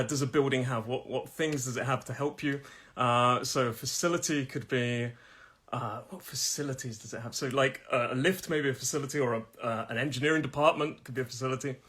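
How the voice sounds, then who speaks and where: A man with a British accent teaching English pronunciation on a live stream from his phone, chatty and laughing often, slowing down to repeat each word with its stress. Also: medium pitch, a bit bright, husky. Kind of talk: live-streamed language lesson.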